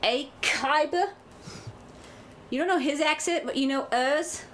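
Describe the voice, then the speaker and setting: A woman's voice: sits high, fairly bright tone, a little hiss or hum. A woman casually chatting and joking while playing a video game with her co-host. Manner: chatty, quick asides, laughs. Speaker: co-host of a gaming channel. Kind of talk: casual let's-play chat.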